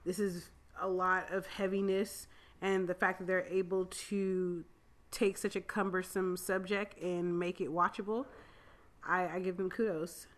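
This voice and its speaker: Woman, bright voice, casual TV review, expressive, measured. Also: medium pitch. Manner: expressive, laughs easily, measured opinions. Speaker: podcast co-host reviewing a TV series.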